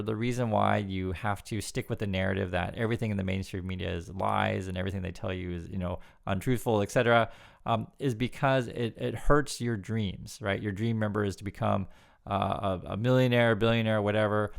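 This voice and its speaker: A man's voice: fairly low pitch, gravelly. A man giving casual spoken commentary, chatty and often repeating words as he talks. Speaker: news commentary YouTuber.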